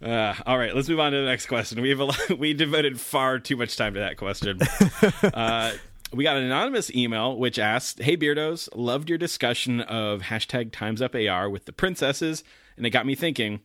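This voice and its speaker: A man's voice: mid-range voice, expressive, moderate pace, fairly bright tone, no room sound. A man co-hosting a podcast in casual chat, reading listener mail with a dry, teasing manner.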